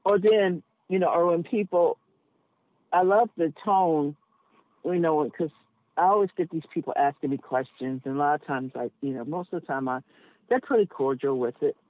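A woman's voice: sits low, moderate pace, no echo. Frank woman on a tinny phone line. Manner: frank and emphatic, thinks aloud with many asides. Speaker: cab driver. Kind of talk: candid conversation as a podcast guest.

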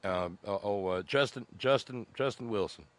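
Appearing as a guest in a casual conversation, a man with a lowish voice tells rambling stories at a moderate pace. He chuckles as he goes and restarts often.

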